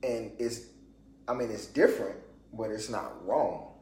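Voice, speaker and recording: A man's voice: on the low side, a little slow, a little mellow, a little hiss or hum. Chatty man on an echoey podcast. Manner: conversational, repeats "you know what I mean", laughs often. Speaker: podcast co-host. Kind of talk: casual chat.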